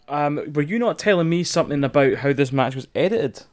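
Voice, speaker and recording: A man's voice: on the high side, animated, normal speed, a little mellow. A man hosting a podcast in casual chat, hesitant, restarting and swearing. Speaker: podcast host.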